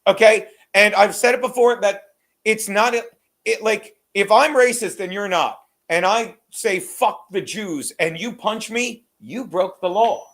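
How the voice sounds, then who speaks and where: Man, high-pitched voice, podcast co-host, swears a lot, rambling, self-mocking. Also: unhurried, fairly bright tone. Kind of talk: casual podcast chat.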